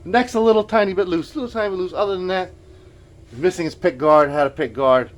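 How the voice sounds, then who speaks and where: A middle-aged guitar repair vlogger with a high voice talks fast while rambling through a casual story in his home workshop, a furnace running in the background. He stammers, mumbles, uses lots of filler, and often trails off to near whispers.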